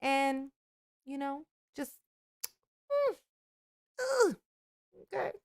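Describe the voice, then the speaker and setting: A woman's voice: high voice, very animated, very slow. A woman hosting a casual livestream sign-off, drawling affectionately, calling herself Mama and laughing often. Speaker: YouTube channel host.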